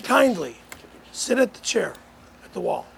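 A man's voice: very high-pitched, very animated, unhurried, vocal fry, crowd noise. A man who talks irritably, swearing and ordering people out of his place.

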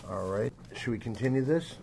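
A man's voice: mid-range voice, lively intonation, brisk, vocal fry, noisy background. A man hosting a comedy show, wryly directing the others while going through mail. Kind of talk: casual chat, reading mail.

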